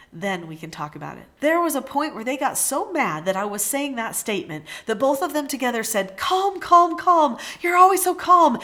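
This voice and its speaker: Measured woman teaching parenting. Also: mid-range voice, a bit bright. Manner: measured, slows down to stress key points. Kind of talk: talking-head advice video.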